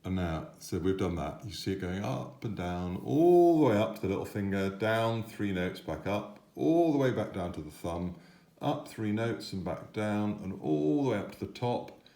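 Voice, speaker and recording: Man, low voice, patient piano teacher, children's lesson, echoey room, piano behind. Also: expressive, moderate pace, gravelly, mellow. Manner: patient, encouraging, sings note patterns. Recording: roomy echo, piano playing.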